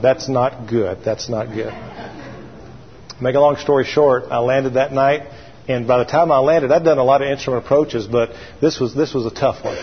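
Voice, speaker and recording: A man's voice: medium pitch, slightly rough. A man preaching a sermon, telling a story in a folksy way and calling out for his congregation to answer him. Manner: call-and-response with congregation. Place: church sanctuary. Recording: dull recording with long hall reverb.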